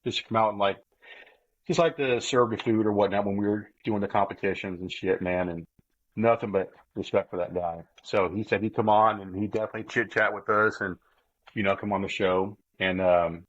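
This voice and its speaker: A man's voice: lowish voice, steady tone, moderate pace, muffled recording. A man hosting a casual podcast, rambling a little. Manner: rambling, fillers and restarts. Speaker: podcast host. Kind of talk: casual chat.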